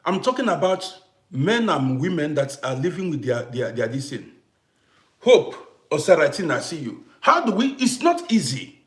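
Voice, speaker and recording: Casting: middle-aged man from Africa, live-stream host, high voice that rises and falls a lot as he stresses each point. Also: moderate pace, reverberant. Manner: animated, emphatic, repeats himself, greets viewers by name. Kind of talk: casual live-stream talk to viewers. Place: home in Vienna.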